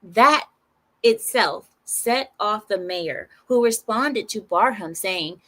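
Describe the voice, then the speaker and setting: A woman of Arab heritage giving casual news commentary, sarcastic and animated, with rambling restarts. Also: medium pitch, slow. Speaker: commentary channel host.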